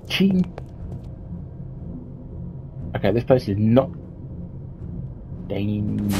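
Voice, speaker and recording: Young guy swearing thru a horror game, voice jumps all over, game music loud behind him. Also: lowish voice, lively intonation, unhurried, pauses often, poor audio. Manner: swears a lot and yelps when startled. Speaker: gameplay streamer. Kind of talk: horror game playthrough commentary.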